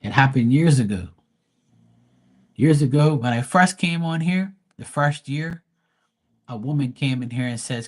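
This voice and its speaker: A man's voice: mid-range voice, normal speed, slightly rough. A man hosting a live tarot and mediumship stream, speaking bluntly and profanely, rambling with frequent restarts. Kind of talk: casual live stream talk.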